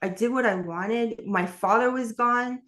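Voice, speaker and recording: A woman's voice: fairly high pitch, a little slow, a bit bright. A middle-aged woman from New York, candidly telling her life story as an interview guest in a rambling way with frequent laughs. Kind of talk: personal testimony in an interview.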